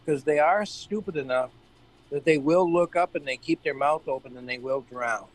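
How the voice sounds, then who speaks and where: American man with a fairly high voice, offhand. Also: normal speed, low-quality recording. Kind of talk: casual chat on a live stream.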